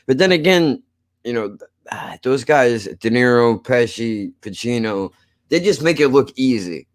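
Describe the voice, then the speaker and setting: A man's voice: mid-range voice, animated, a little slow. A man with a New Jersey accent rambling and swearing freely while he co-hosts a casual film review chat. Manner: rambling, profane, laughs often. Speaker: film podcast co-host.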